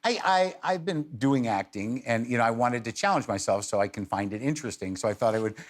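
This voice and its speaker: A man's voice: medium pitch, animated, a little fast. A middle-aged man telling wry, rambling stories as a talk show guest, with self-deprecating asides. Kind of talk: casual anecdote telling.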